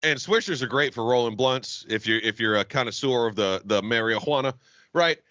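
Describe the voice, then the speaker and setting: A man's voice: mid-range voice, moderate pace, pushed and bright, dry recording. Man, podcast co-host, from Jacksonville, emphatic profane ranting, dull dry recording. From Jacksonville, Florida. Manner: ranting, emphatic, heavy swearing. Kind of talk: casual profane podcast banter.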